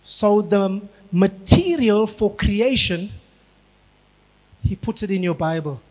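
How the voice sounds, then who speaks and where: A man from South Africa, a pastor preaching a sermon, building up to shouted emphasis. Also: high voice, expressive, slow pace. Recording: long hall reverb.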